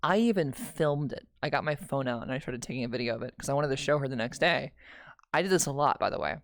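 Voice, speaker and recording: A woman's voice: very deep voice, lively intonation, fast, dry recording, studio quality. A young woman streamer telling a painful family story in casual, candid talk, swearing and restarting often.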